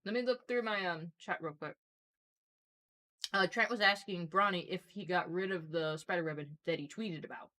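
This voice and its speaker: A woman hosting a casual stream, chatting quickly and reading out viewer messages. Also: lowish voice, sharp tone. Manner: quick, bubbly, reads chat messages aloud. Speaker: streamer and host. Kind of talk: casual chat while reading live chat.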